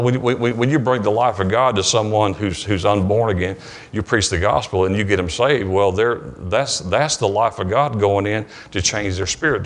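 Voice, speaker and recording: A man preaching a conversational sermon at a church service, plain-spoken and storytelling, often clearing his throat. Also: lowish voice.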